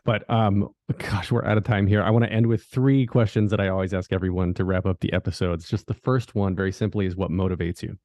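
A man hosting an interview, asking his set closing questions in a soft-spoken way. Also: sits low, steady tone, fast, hardly any pauses, dry recording, studio quality. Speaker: podcast host.

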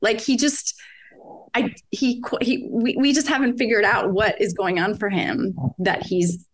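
Woman, 40s, podcast guest; candid, lively, laughs easily, mid-pitched voice. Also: a little slow, slight background noise. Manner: candid, animated, laughs often, quotes herself and her kids. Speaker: guest, parent of several children. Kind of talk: conversational podcast interview.

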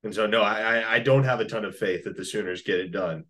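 A man co-hosting a casual sports chat, skeptical and measured as he breaks down the game. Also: fairly low pitch, fairly bright tone. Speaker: sports podcast co-host.

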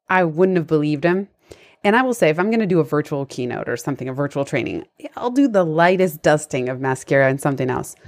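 Lower-voiced woman hosting a video call. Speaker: host and life coach. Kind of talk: casual conversational interview.

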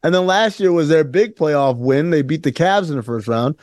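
A man co-hosting a casual sports talk show, emphatic and animated, often mimicking other voices. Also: fairly high pitch, moderate pace, dry recording, studio quality. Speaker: podcast co-host.

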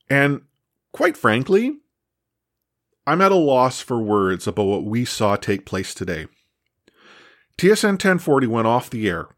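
A man hosting a podcast and giving impassioned commentary, indignant and stammering at times. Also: medium pitch. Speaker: podcast host. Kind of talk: opinion commentary.

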